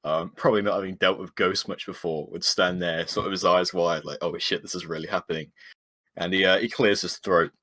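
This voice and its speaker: A man plays in a tabletop game and describes his character's actions casually. He talks with hesitant fillers and the odd swear word. His voice is low, and the sound is dry and close. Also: steady tone, brisk, hardly any pauses, sharp tone, no room sound. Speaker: player. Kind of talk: casual chat while playing a tabletop game.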